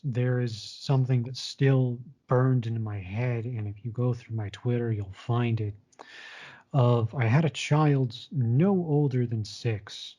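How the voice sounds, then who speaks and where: A man's voice: medium pitch, warm tone. A man telling a personal story in casual talk, frank and blunt, swearing freely. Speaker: storyteller recounting his retail job. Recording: dull lo-fi recording.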